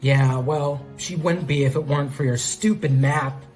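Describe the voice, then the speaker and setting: A man doing a gentle cactus fellow. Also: medium pitch, fairly even intonation, normal speed, soft background music, close to an everyday voice. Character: sombrero-wearing male cactus, gentle and kind.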